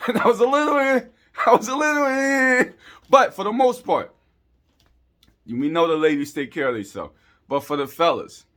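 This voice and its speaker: A man's voice: fairly high pitch, a bit bright. A middle-aged man hosting his own show, talking casually to camera in an emphatic, repetitive way with street slang. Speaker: show host.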